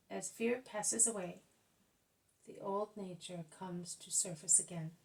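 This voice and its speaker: A woman reading a religious narrative aloud as an audiobook, calm and even, with quoted speech voiced softly. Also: mid-range voice, slow pace, vocal fry, distant mic, rough recording. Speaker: audiobook reader. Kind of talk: scripted narration of religious text.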